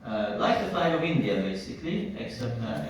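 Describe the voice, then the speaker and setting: An Italian-born man with an American-sounding accent doing a stand-up set on a club stage, deadpan and full of halting restarts. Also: medium pitch, heavy reverb, far from the mic, noisy background. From Italy. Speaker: stand-up comedian. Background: audience laughter.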